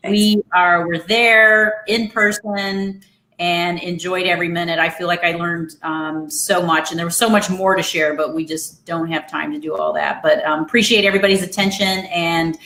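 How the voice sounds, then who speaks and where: A woman's voice: fairly low pitch, steady tone, moderate pace, bright, forceful tone. A woman hosting a casual webinar over a video call, upbeat and friendly, with many fillers. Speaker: webinar host. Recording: echoey room.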